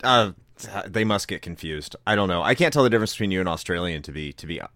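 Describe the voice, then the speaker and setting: A man's voice: sits low, expressive, quick pace, a bit bright, no echo. A man, a podcast guest in casual chat, laid-back and using casual slang. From United States.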